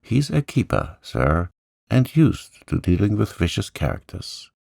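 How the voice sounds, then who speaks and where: A man voicing a stubborn working-class manservant with rough country speech in a storybook. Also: fairly low pitch, big pitch swings, a little slow, a little mellow, no echo, clean studio sound, heavily acted. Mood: grumbling. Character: gruff stubborn male servant, working class.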